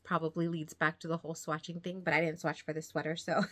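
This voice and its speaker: A woman talks casually to her viewers about her projects, a little out of breath from pregnancy. She rambles, circles back and laughs easily in a relaxed, chatty way. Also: deep voice, fast. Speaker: knitting vlogger. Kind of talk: casual chat to camera.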